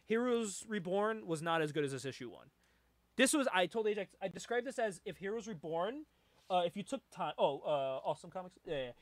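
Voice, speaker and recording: A man hosting a casual comic book chat, animated and laughing often as he reads panels aloud. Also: high voice, a little fast, no room sound. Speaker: podcast host.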